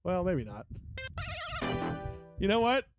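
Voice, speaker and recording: A man's voice: sits high, big pitch swings, slow pace. A man rambling casually and profanely on a music live stream, joking at his own expense. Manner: rambling, profane, self-mocking.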